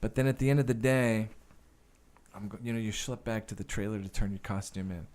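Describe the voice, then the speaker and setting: A man with a somewhat low voice tells stories as a podcast guest. His speech is casual and profane, and it wanders with plenty of fillers and restarts. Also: fairly quick, darkish tone. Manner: profane, rambling, many fillers. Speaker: guest actor and director. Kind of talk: casual interview storytelling.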